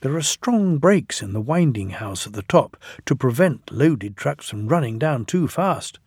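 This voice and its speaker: Slow, gravelly man reading a storybook. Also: mid-range voice, big pitch swings, a little mellow, dry recording, studio quality. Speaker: audiobook narrator.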